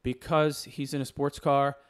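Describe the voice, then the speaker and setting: A man talks through a point-by-point rebuttal in an argumentative commentary style. His voice is smooth and clear, sitting at a middling pitch. He explains things in a lecturing way. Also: level tone, measured pace.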